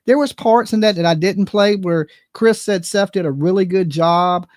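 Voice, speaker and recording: A man's voice: high-pitched, normal speed, no room sound, studio quality. A man hosting a live commentary stream, ranting bluntly and profanely at the people he talks about. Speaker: livestream commentary host.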